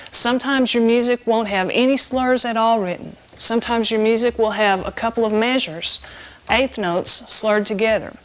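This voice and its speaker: A woman's voice: on the high side, moderate pace. Patient woman teaching saxophone. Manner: clear, patient, explanatory. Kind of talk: instructional lesson narration.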